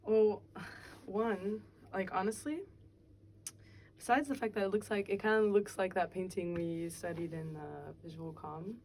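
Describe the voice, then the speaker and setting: A young woman in casual chat as an interviewee, talking outdoors on a city street, chatty and quick to laugh, with lots of fillers. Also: medium pitch, steady tone, a little mellow, slight background noise. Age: young adult.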